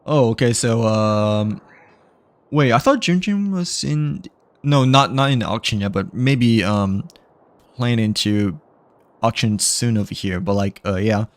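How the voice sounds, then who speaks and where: A man's voice: fairly low pitch, a little slow, no room sound. A man giving casual gameplay commentary, rambling with many fillers and little chuckles. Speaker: gamer.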